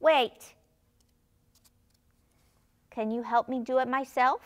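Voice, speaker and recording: A woman's voice: high-pitched, steady tone, takes it slowly. A woman voicing an eager little boy who loves helping, talking in childlike pretend play with broken grammar, in a puppet show. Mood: insistent.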